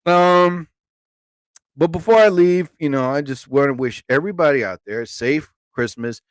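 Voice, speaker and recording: A man's voice: fairly high pitch, moderate pace, clean tone, no echo. A man hosting a casual live stream, rambling and joking as he talks to his viewers.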